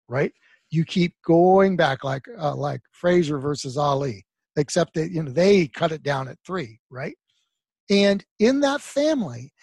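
Male therapist, gravelly, husky, storytelling, emphatic then trailing off. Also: on the high side, darkish tone, dry recording. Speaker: guest therapist. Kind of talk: conversational interview talk.

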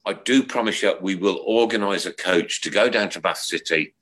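A man's voice: deep voice, moderate pace, a bit bright. A middle-aged man hosting a podcast in casual chat, jokey and rambling, with many fillers and restarts. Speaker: podcast host.

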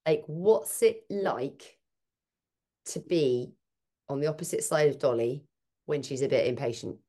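Low-voiced emphatic woman. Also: a little slow. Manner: emphatic, animated, thinks aloud. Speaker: podcast guest, parenting speaker. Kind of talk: casual conversational interview.

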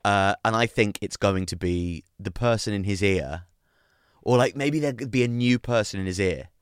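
A man co-hosting a casual podcast chat, animated and quick to mimic people. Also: fairly low pitch, smooth, no echo, clean studio sound. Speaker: podcast co-host.

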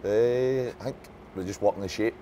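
A man with a Scottish accent, a footballer being interviewed, giving relaxed, short plain answers. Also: fairly low pitch, normal speed, crowd noise. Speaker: footballer guest. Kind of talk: casual chat.

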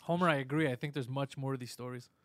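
A man's voice: medium pitch, steady tone, quick pace, dry recording. A man hosting a casual podcast, teasing his co-host with sarcastic, profane remarks.

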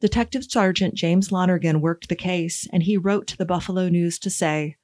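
Low-voiced woman narrating true crime. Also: moderate pace, a little mellow, no room sound. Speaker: podcast narrator.

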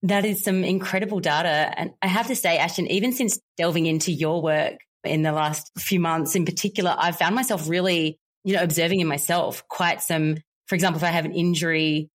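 A woman's voice: fairly low pitch, fairly even intonation, brisk. A woman hosting a podcast, chatty and reflective in conversation. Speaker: podcast host. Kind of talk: conversational interview.

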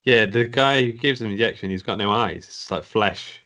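A man co-hosting a casual film discussion over a call, laid-back and quick to chuckle. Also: fairly low pitch, sharp tone. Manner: laid-back, chuckles often, reads a quote aloud. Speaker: podcast co-host.

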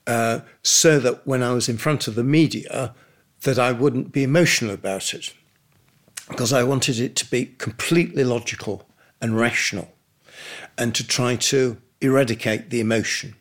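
Older man, emotional and halting. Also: medium pitch. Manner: halting, measured. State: emotional, close to tears. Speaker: interviewee. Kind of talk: interview recollection.

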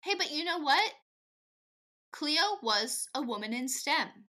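A woman's voice: high-pitched, very animated, unhurried, sharp tone. A woman co-hosting a podcast, chatting playfully and joking, with lots of "like". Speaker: podcast co-host. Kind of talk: casual chat recapping a movie.

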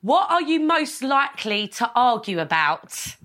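A woman's voice: on the high side, very animated, unhurried, a bit bright. A woman playfully reading out quiz questions in a casual family game. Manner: playful quizmaster. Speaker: quiz host.

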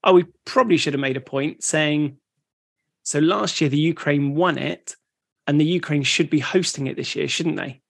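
Male podcast co-host, gravelly, loose and rambling. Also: on the high side, moderate pace. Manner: rambling, with frequent restarts. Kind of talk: casual educational chat.

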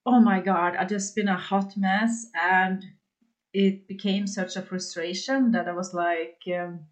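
A woman's voice: medium pitch, steady tone, a little slow. A woman hosting her own astrology podcast, talking in a raw, confessional way with many fillers and bursts of laughter, English not her first language. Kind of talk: candid solo podcast monologue.

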